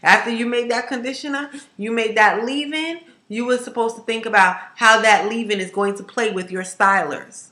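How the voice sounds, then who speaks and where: A woman hair vlogger chatting to camera in an emphatic, animated way, ranting and repeating herself for effect. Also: on the high side, normal speed, few pauses. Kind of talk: casual to-camera chat. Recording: echoey room.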